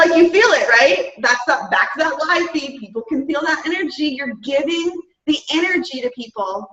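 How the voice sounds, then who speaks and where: With a high voice and sharp tone, a woman who coaches fitness businesses rallies her team in a cheerful, conversational motivational talk full of "guys" and "right?" The mic is far off, making the sound roomy and dull.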